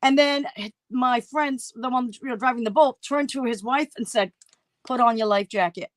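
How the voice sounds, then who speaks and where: A woman's voice: a little high, normal speed, dry recording. A middle-aged woman telling a story on a casual livestream chat, acting out her own past voices. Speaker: co-host.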